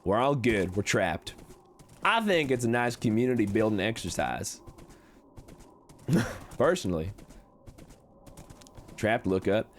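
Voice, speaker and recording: Man, game streamer, showy cowboy con-man persona, folksy drawl-style talk, very lively pitch. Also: unhurried, long pauses, slight background noise. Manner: folksy cowboy put-on talk, frequent high excited jumps. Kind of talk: in-character livestream chat, reading chat.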